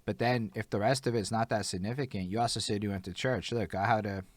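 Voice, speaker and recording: A man's voice: on the low side, steady tone, fast talker, dry recording. A man hosting a streamed interview, chatty and eager, reacting to the guest and to his live chat. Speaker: host. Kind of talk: casual interview talk.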